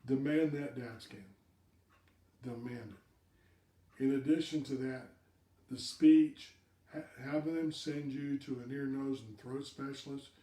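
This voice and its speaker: A man's voice: medium pitch, steady tone, unhurried, pauses often, dark tone, reverberant, distant mic. A man hosting a live video cast, giving direct advice to viewers and repeating words for emphasis.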